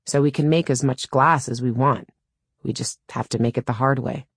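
A woman's voice: a bass voice, steady tone, normal speed, husky, dry recording. A woman reading a first-person audiobook in a wry, dry storytelling manner, close to a studio mic. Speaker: audiobook narrator.

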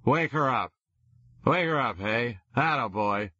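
A man voicing a drunk teenage boy who yells and pleads into a phone, on a dull lo-fi recording. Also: mid-range voice, lively intonation, a little slow, husky, no echo, voice pushed up, full character voice. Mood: drunk, pleading. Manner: slurring, loud and pleading.

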